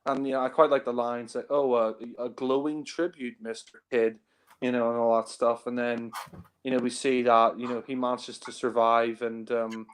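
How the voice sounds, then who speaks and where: A man of average pitch talks loosely about movies over a group call. He rambles, fills gaps with ums and you-knows, and chuckles often at his own points. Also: clean tone. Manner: rambling, heavy on fillers, laughs often. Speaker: film reviewer. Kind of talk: casual film discussion.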